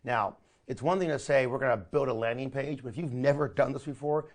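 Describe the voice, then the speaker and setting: A man teaching a live online marketing training, energetic and coaching, often calling his listeners "my friend". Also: mid-range voice.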